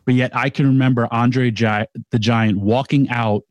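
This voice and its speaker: A man co-hosting a podcast, eager and rambling, tripping over restarts as he tells a story. His voice sits in a middle pitch range. The sound is dry and close. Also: steady tone, moderate pace, no room sound. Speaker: podcast co-host. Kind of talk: casual chat.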